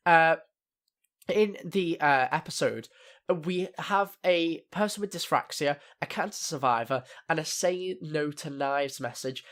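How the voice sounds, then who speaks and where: A man's voice: a little high, unhurried, fairly bright tone. A young man giving a casual spoken TV episode review, rambling with many fillers and restarts. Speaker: TV review vlogger.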